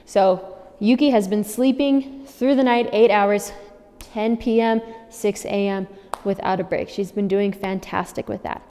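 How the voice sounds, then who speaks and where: A woman's voice: mid-range voice, darkish tone, long reverb tail. A woman dog trainer giving firm, practical instructions to new owners, repeating key warnings for emphasis. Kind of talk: instructional handover talk.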